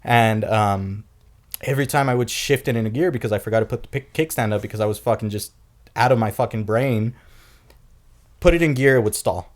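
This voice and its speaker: A man's voice: medium pitch, normal speed, long pauses. A young man, a podcast co-host, telling a story casually, swearing a lot and acting out quotes. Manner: profane, animated retelling with acted quotes.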